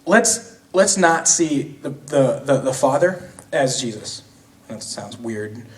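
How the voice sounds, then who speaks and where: A man's voice: mid-range voice, expressive, takes it slowly. A young man preaching a sermon in a casual, slangy way, retelling a story with frequent restarts in a church. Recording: voice from a distance.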